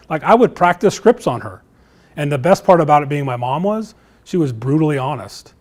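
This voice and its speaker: A man's voice: a little high, expressive, fairly quick. A middle-aged man giving a live real estate sales training to a class, telling candid stories and repeating himself as he talks. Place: classroom before a live audience.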